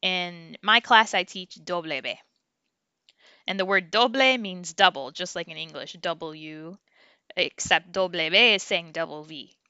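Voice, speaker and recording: Woman language teacher, slow and clear, smooth bright voice, dry lo-fi recording. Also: lowish voice, dry recording. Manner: slow, clear drilling of syllables for learners to repeat. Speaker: Spanish teacher. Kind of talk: online language lesson.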